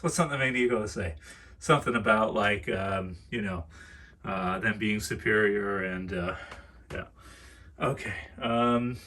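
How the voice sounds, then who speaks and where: A man's voice: medium pitch, fairly bright tone. Chatty man giving a rambling collection tour. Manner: rambling and chatty, calls viewers dudes; repeats and restarts phrases often. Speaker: toy collector showing his collection. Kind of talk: casual collection tour vlog.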